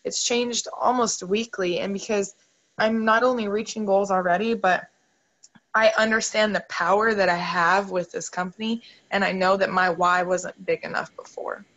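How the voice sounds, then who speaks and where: A woman's voice: medium pitch, fairly even intonation, moderate pace, fairly bright tone, lo-fi sound. A woman hosting a motivational video call, upbeat and emotional as she talks straight to her group.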